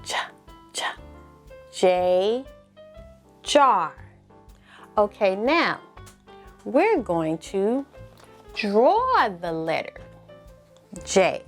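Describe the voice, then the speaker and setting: A woman teaching a slow, encouraging lesson for small children, asking them to repeat words after her. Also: medium pitch, very animated, faint music behind. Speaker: preschool teacher.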